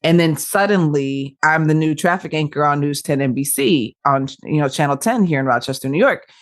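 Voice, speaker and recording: A woman's voice: deep voice, animated, fairly quick. A woman radio broadcaster and podcast guest, chatting animatedly and laughing often as she tells stories. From Michigan. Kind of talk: casual interview chat.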